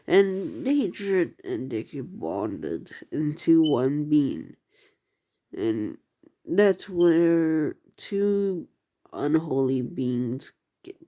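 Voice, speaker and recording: A woman's voice: deep voice, warm tone. A woman casually retelling a fan story, rambling and hesitant with many fillers.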